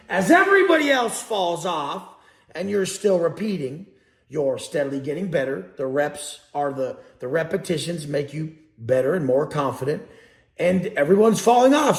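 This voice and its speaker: Gravelly, profane motivational man. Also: a little high, echoey room. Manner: blunt, swearing, preachy. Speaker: motivational speaker and coach.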